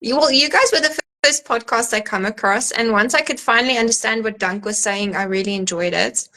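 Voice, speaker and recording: Bright-voiced American woman, chatty guest. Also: a little high, brisk. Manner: chatty, laughs often, many ums. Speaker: podcast guest. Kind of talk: casual chat.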